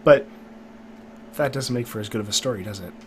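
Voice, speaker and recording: A man's voice: mid-range voice, a little fast, a little hiss or hum. A young man co-hosting a podcast, chatting in an easygoing, self-mocking way and swearing casually. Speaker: podcast co-host. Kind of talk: casual chat.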